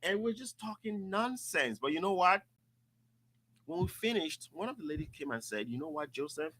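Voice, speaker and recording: Hosting a casual talk show, a man tells stories with animation and acts out other people's voices in a relaxed podcast chat. His pitch is fairly high and his speed is normal.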